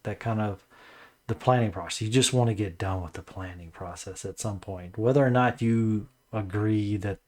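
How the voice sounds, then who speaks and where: A man's voice: on the low side, normal speed, darkish tone. Rambling man reviewing a book, tired. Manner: reads blurb aloud with stumbles, then rambling with many fillers. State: mentally tired. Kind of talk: casual spoken book review.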